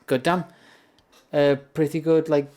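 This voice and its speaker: A man's voice: a little high, little pitch movement, unhurried, a little mellow. A British man chatting casually on a livestream while gaming, rambling and laughing at himself often. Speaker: streamer. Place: home streaming setup.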